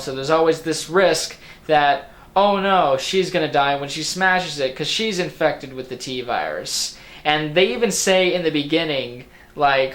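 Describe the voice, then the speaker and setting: A man's voice: on the high side, a bit bright. A man giving a casual movie review. He slips into a Boston accent, rambles, jokes sarcastically and swears freely. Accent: slipping into a Boston accent. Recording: roomy room echo.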